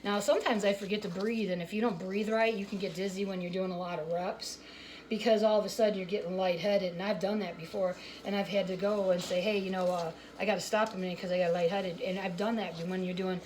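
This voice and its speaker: A woman's voice: mid-range voice, steady tone, quick pace, darkish tone, rough recording. A woman rambling casually about her gym workouts while she cooks in her home kitchen, with lots of fillers and restarts. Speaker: home cooking vlogger. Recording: kitchen noise with clattering dishes.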